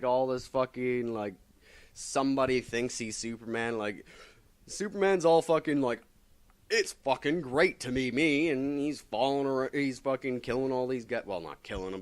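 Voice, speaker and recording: Man, casual vlogger, average pitch, rambling profane comics rant. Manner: swears constantly, rambling with lots of fillers. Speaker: comic book reviewer.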